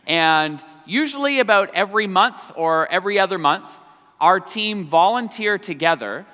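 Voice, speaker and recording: Bright-voiced man presenting in a hall. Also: sits high, lively intonation, moderate pace. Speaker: guest speaker. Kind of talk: presentation talk. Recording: long hall reverb.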